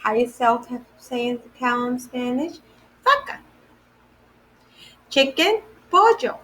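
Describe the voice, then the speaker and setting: A woman teaching animal words to children in a slow, patient lesson, repeating each word and spelling it out letter by letter. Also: high voice, sing-song, pushed and bright, a little hiss or hum. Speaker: day camp Spanish teacher.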